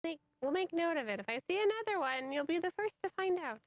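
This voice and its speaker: Casting: bubbly female player, very high and lively voice, dry sound. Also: fast, no room sound. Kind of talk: in-character tabletop play.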